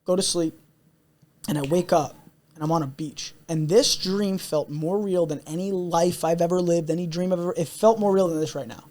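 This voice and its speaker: A man's voice: on the high side, steady tone, moderate pace, darkish tone. Earnest intense young man. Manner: intense, earnest, repeats himself. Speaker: podcast guest. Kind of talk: candid storytelling.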